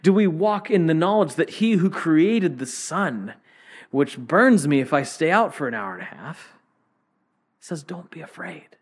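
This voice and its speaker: A man preaching a sermon, swinging between loud exclamations and hushed whispers. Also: a little high, animated, moderate pace.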